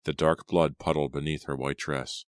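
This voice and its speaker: Narrating an audiobook dramatically, a man with an extremely deep, smooth voice slows down and grows louder when voicing the characters' lines. His pitch moves little, and the recording is dry and close.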